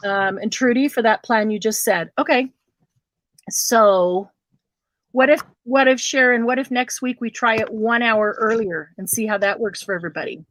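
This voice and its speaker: A woman's voice: fairly high pitch, normal speed, fairly bright tone, no room sound. A woman hosting a casual craft livestream, chatting with viewers and calling them by name.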